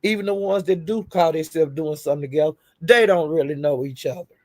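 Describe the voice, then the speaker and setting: A woman's voice: sits low, brisk, darkish tone. A woman hosting her own livestream, telling stories in a profane, laughing, casual rant. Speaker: livestream host.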